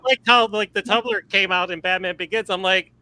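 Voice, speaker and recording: A man chatting casually about movies as a podcast guest, rambling and animated, with lots of fillers and restarts. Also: sits high, fairly quick, a crowd in the background, low-quality recording.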